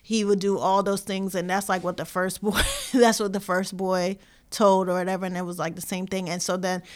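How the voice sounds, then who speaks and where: A woman co-hosting a casual podcast, recounting something she watched in a loose, rambling flow. Her talk is slangy and animated, with a mid-range voice. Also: mid-range voice, moderate pace, clear, resonant tone. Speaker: podcast co-host. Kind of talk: casual chat.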